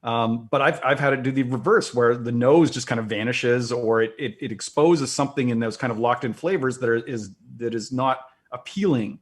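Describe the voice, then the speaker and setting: A man's voice: mid-range voice, normal speed, hardly any pauses. A man hosting a casual whisky tasting, explaining things at length with many fillers and restarts. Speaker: host, whisky presenter.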